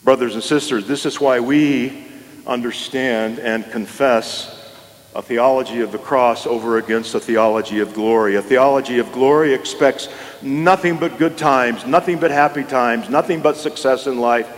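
A male pastor delivering a sermon in a church, with measured pauses and rising emphasis. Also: medium pitch. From New Mexico. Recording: long reverb of a hall.

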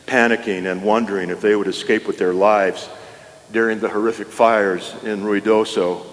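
Slow, low-voiced man preaching in a hall. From New Mexico. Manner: measured preaching with dramatic pauses and rising emphasis. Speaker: pastor. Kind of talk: sermon. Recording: long reverb of a hall.

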